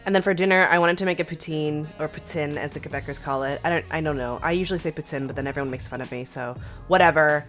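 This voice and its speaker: Woman w a stuffy sick voice, low pitched, rambly food vlog chat, soft music under it. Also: very fast. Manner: chatty, rambling, lots of "like" and "um". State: sick, congested voice. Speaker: food vlogger. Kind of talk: casual vlog narration.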